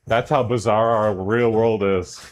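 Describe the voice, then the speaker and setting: A man from Texas, chatting casually with his livestream chat during a workout. His talk rambles, and his voice jumps up in pitch when he gets excited. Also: measured pace, a little hiss or hum. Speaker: streamer.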